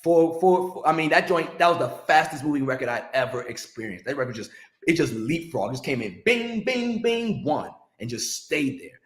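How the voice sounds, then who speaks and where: A man, a longtime record promotion rep, telling stories in a casual interview in an animated, slangy way. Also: on the high side, moderate pace, roomy sound. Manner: animated, slangy, restarts when excited.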